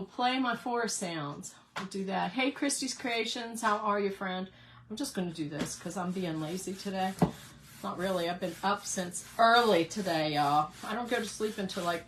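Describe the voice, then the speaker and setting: A woman's voice: mid-range voice, a bit bright, slight background noise, poor audio. Chatty woman hosting a craft stream. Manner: chatty, greets viewers by name, thinks aloud. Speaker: craft host. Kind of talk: live craft painting demo. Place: home craft room.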